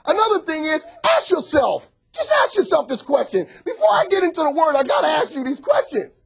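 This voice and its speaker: A male pastor preaching a sermon, joking with the congregation and swinging from soft asides to shouts. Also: extremely high pitch, huge pitch swings, brisk, creaky.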